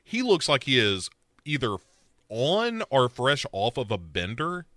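Lively, bright-voiced man, joking. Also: mid-range voice, unhurried, no room sound, studio quality. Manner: joking, laughs often, mimics characters in silly voices. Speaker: podcast co-host. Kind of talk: casual chat recapping a TV show.

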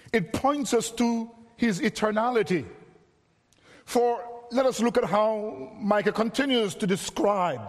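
A man with a high voice preaching a sermon. He speaks earnestly and draws out key phrases for emphasis. His voice carries a long reverb, like a large hall.

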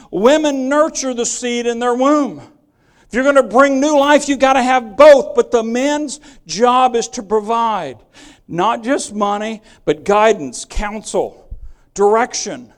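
An older man preaching a sermon, telling stories and swinging between loud exhortation and quiet asides. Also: high voice. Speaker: pastor.

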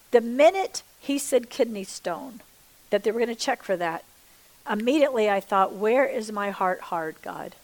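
A middle-aged woman giving a sermon-style personal testimony, acting out the dialogue with lively energy, and dropping to a soft, hushed voice when she quotes her prayers. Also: mid-range voice, poor audio. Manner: animated storytelling that acts out the dialogue; chatty, checks in with the listeners. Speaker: Christian speaker.

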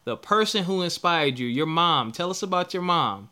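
A man's voice: fairly high pitch, animated, normal speed, bright, forceful tone. A man hosting a casual interview podcast, upbeat and encouraging toward his guest. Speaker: podcast host.

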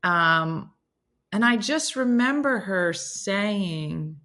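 A woman in her fifties talks to her phone camera on a livestream, spinning family stories and answering viewer comments. Her voice sits a little low but has a bright, forceful edge, and she turns animated when a story gets exciting. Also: normal speed. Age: 50s. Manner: chatty, animated, rises sharply when excited. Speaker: livestream host.

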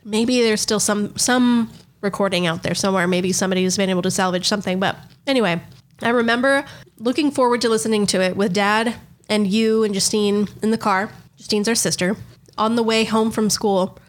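A woman co-hosting a podcast, telling stories in a casual, animated way and laughing often. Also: medium pitch, a little fast. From Southern California. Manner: animated storytelling with frequent laughs. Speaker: podcast co-host. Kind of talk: casual chat.

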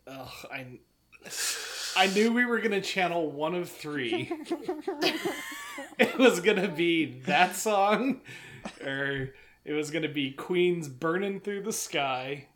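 Brief: male co-host, deadpan humor, slow unhurried delivery with lively pitch. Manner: dry, deadpan joking. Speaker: podcast co-host. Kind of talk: casual podcast chat.

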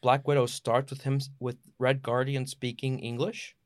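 A man's voice: mid-range voice, flat delivery, moderate pace, dry recording. Dry-sounding, questioning man co-host. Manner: questioning, playfully incredulous. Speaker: podcast co-host. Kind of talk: casual panel discussion.

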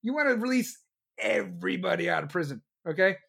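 A man's voice: sits high, huge pitch swings, brisk, gravelly, fairly bright tone. Angry, swearing political ranter, man. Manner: angry, sarcastic, mocking. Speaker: political commentator. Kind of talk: profane political rant.

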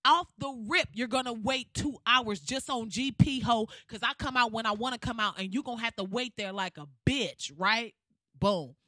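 A woman's voice: fairly high pitch, normal speed, no room sound, studio quality. A woman ranting in a comedic, profane way, laughing often and acting out what people would say. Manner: animated, profane, laughs often, acts out quotes. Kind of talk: casual comedic rant.

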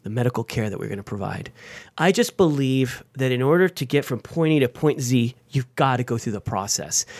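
A man, a veteran guest on an interview show, telling his story with energy and sudden jumps in pitch. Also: dry recording. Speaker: guest, veteran and nonprofit founder.

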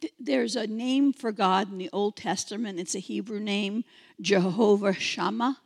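A woman in her sixties preaching a sermon, animated, imitating beeping sounds and repeating phrases for emphasis. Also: medium pitch, a little slow, gravelly, in a large hall. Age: 60s.

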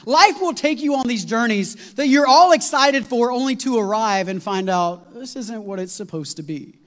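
A man preaching a sermon, telling a long story in an animated, rambling way with many fillers and restarts. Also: very high-pitched, normal speed. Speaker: pastor. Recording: long hall reverb.

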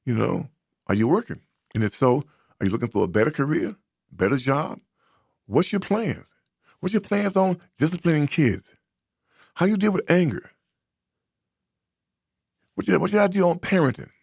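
A man from the United States delivering an impassioned commentary. His voice is gravelly and a little husky, and his pitch swings widely as he drives home his points with preachy, repeated phrases. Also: sing-song, normal speed, long pauses, darkish tone, dry recording, clean studio sound. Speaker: social commentator.

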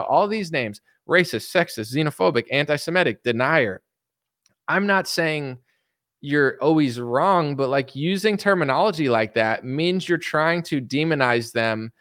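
Rambling higher-voiced male commentator. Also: fairly bright tone, dry recording, studio quality. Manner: rambling, heavy use of filler "like". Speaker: political commentator. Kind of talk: casual opinion monologue.

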